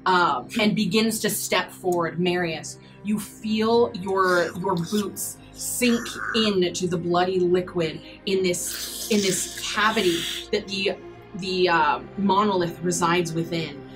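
A woman narrating a tabletop horror game as game master, descriptive and halting, with frequent restarts. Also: fairly low pitch, steady tone, music in the background, low-quality recording.

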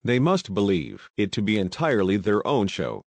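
A man voicing a methodical male agent with a clear voice, formal and businesslike. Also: on the low side, big pitch swings, moderate pace, no room sound, full character voice.

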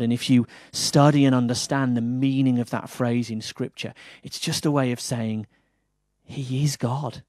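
Preaching with earnest conviction, an English pastor moves between firmly stressed phrases and quiet, soft ones. The voice is mid-range and steady, slightly slow, recorded without any room sound.

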